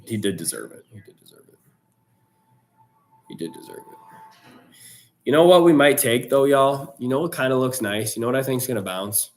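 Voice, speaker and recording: A man with a fairly low voice hosts a live trading stream. He talks loosely and casually in slang, reacting to his viewers as he goes. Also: a bit bright, slight background noise. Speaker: livestream trading host. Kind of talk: casual livestream chat to viewers.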